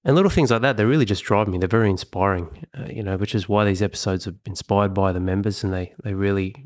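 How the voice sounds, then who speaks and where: A man's voice: on the low side, fast, darkish tone. A man hosting a motivational podcast, talking bluntly and swearing for emphasis. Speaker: podcast host. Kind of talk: motivational monologue.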